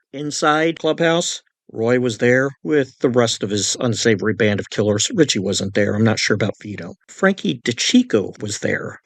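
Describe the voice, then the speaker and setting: A man's voice: lowish voice, no room sound, studio quality. A man narrating true crime in a conversational way, with personal asides as the author.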